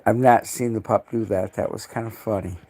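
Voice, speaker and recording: A man's voice: fairly low pitch, steady tone, a little fast, darkish tone. A man chatting casually on a live stream at home, cooing baby talk to his dogs in between. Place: indoors at home.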